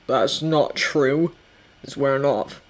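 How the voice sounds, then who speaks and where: A weary, grumpy man mutters in a low, quiet voice that is stuffy from tears, as a woman puts him on. His delivery is flat and mumbled, held low and close. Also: slow pace, full character voice. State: teary and stuffy. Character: tired, tearful adult man, flat and grumpy.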